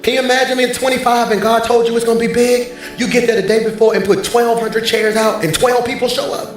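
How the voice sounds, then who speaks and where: A male pastor preaching a sermon from a church stage, animated and bantering with the congregation. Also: extremely high pitch, fairly quick. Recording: very echoey hall, faint music.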